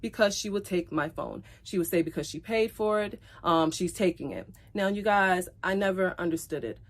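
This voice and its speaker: Upset woman recounting a breakup. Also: lowish voice. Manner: addresses viewers directly, repeats phrases, grows loud and heated when recounting fights. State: upset, near tears. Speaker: streamer telling her side of a breakup. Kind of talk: emotional live-stream storytelling.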